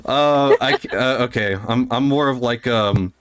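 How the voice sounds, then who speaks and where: A man's voice: medium pitch, a little slow, a bit bright, a little hiss or hum. A man hosting a podcast in casual chat, nervous, giggly and self-deprecating. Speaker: podcast host.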